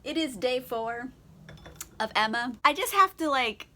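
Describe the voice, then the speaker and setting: Bright-voiced tipsy woman ranting sarcastically. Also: high-pitched, lively intonation, a little slow. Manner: sarcastic, profane and giggly. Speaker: book vlogger. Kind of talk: casual book review chat.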